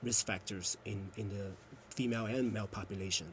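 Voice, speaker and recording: A man's voice: fairly low pitch, steady tone, a little fast, a little hiss or hum. A man, a youth program coordinator, earnestly explaining at length in a TV interview. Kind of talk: TV interview answer.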